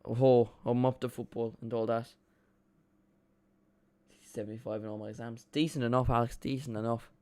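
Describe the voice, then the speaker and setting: A man's voice: mid-range voice, steady tone, normal speed, pauses often, darkish tone, smooth, no echo. Rambling Irish man on a watchalong stream. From Ireland. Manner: chatty, rambling, with frequent restarts. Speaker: streamer hosting a football watchalong. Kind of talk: casual live commentary.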